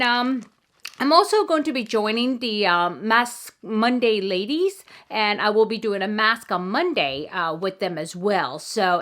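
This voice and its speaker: A woman's voice: mid-range voice, fairly bright tone. A woman vlogger chatting casually as she unboxes friend mail, gushing and full of fillers. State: tearful. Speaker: beauty vlogger.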